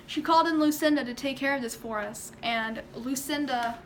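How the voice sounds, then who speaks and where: A young woman telling a story in a casual vlog, chatty and animated, acting out quotes and laughing often. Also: sits high, moderate pace, slight background noise. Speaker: vlogger.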